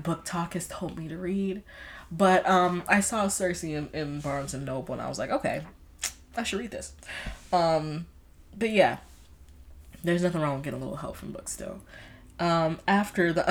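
A young woman chatting casually about books she has read, rambling along with lots of fillers and restarts. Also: low-pitched. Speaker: book vlogger. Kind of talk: casual book chat.

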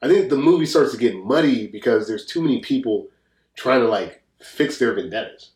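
A relaxed man talking through a movie in casual podcast chat, loose and rambling, laughing often. His medium-pitched voice rings in an echoey room. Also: moderate pace. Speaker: podcast co-host. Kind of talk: casual film review chat.

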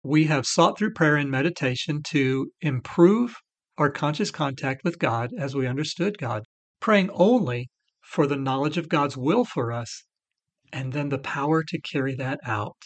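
A man's voice: fairly high pitch, animated, unhurried. Earnest middle-aged man sharing testimony. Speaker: recovery podcast co-host. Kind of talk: faith-based recovery talk.

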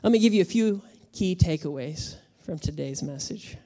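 A pastor delivering a sermon in a relaxed, conversational way. They mix humor with emphatic points and speak at a mid pitch. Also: normal speed.

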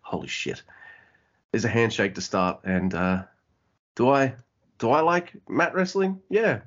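A man co-hosting a casual wrestling podcast, excitable and sweary, acting out wrestlers' lines as he recaps. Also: medium pitch, unhurried. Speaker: podcast co-host. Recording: dull lo-fi audio.

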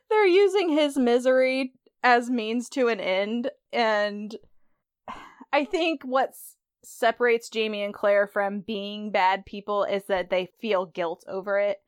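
A woman's voice: on the high side, takes it slowly, clear, resonant tone, dry recording, studio quality. A woman podcast host giving a chatty, conversational recap of a TV episode.

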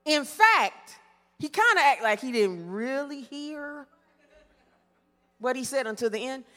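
A woman preaching a sermon, pausing dramatically and asking the congregation to fill in her questions. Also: sits high, lively intonation, bright, forceful tone, big-room sound. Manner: call-and-response questions with dramatic pauses. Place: church sanctuary.

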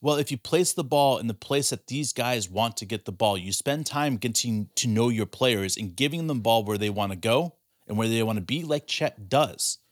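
A man in a casual sports talk show, building his argument with questions he answers himself. His voice sits at a middle pitch and sounds dry and close, with no room around it. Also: moderate pace, few pauses, dry recording. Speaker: podcast co-host.

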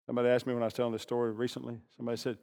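An older man preaching a sermon, animated, swinging from loud bursts to hushed asides. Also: medium pitch, very fast, creaky. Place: church sanctuary. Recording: long reverb of a large hall.

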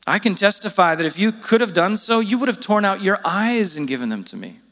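A man delivers a sermon in an earnest, pleading way, his voice leaping upward as he presses each point. His voice sits a little high for a man. The sound hangs in the long reverb of a church hall. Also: big pitch swings, a little fast, a bit bright. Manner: earnest, pleading, with sudden rises in pitch. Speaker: pastor.

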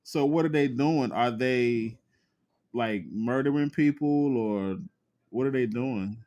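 A man co-hosting a casual talk show, speaking in a measured, explaining way. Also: mid-range voice, darkish tone, highs cut off. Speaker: co-host.

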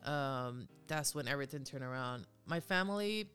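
A woman from Rico, chatting as a podcast guest in a lively, code-switching way. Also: rumbling low, normal speed, faint music behind. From Puerto Rico. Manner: chatty, code-switching, animated when telling stories. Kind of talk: casual podcast interview.

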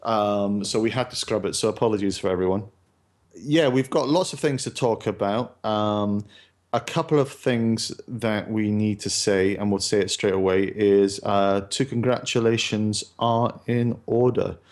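Slow-talking man, playful. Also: fairly low pitch, steady tone, a little mellow. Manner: playful, swearing, rambling with many fillers. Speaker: podcast co-host. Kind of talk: casual chat.

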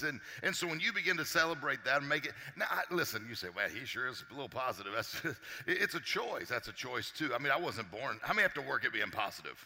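A man giving an energetic motivational talk to a live audience as a success coach, joking and quizzing the crowd. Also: mid-range voice, big-room sound. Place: large hall with a live audience.

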